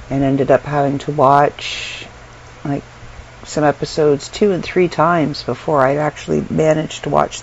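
A woman's voice: sits low, vocal fry, a little mellow. A middle-aged woman from Canada, unwell and tired, chatting casually in a rambling way from her bedroom, with lots of ums and little laughs. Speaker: vlogger. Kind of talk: casual chat to camera. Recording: dull lo-fi sound with faint room noise.

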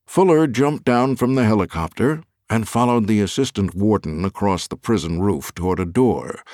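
A man narrating an audiobook thriller in an expressive, lively reading on a close studio mic. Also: deep voice, no echo.

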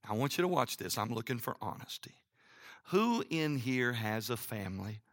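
A middle-aged man preaching a sermon as pastor, telling family stories and reading scripture aloud, sometimes dropping to a hushed low voice. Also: moderate pace. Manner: animated storytelling with sudden drops to a hushed, low voice; reads scripture aloud, acting out the characters' lines.

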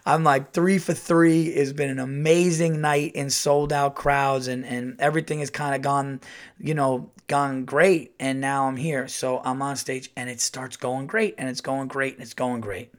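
A middle-aged man telling a casual, animated story as a comedian hosting his podcast. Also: measured pace. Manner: animated, acts out quotes in a louder higher voice.

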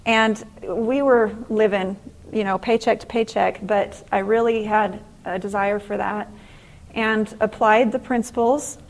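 A woman's voice: mid-range voice, measured pace, poor audio. Earnest middle-aged woman giving a faith talk. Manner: earnest, animated storytelling. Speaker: inspirational speaker. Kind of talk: faith-based motivational talk to an audience.

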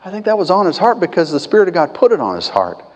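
Animated preaching man in a reverberant hall. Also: fast. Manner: animated preaching, swinging from low asides to loud emphatic peaks. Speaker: pastor. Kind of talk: sermon.

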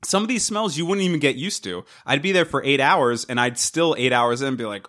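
A man chatting casually on a podcast, rambling and halting, with casual swearing. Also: medium pitch, fairly bright tone. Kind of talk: casual chat.

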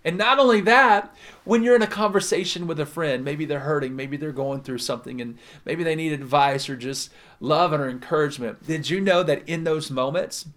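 High-voiced preacher with dramatic swings. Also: male voice. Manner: dynamic preaching, swings between loud emphasis and soft drawn-out words. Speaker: pastor. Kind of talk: sermon.

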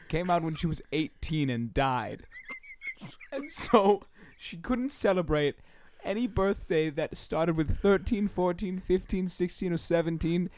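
A man's voice: a little high, slight background noise. A man playing a rambling 94-year-old widower. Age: 90s. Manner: slow, rambling, deadpan old-man delivery. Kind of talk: improvised comedy podcast character.

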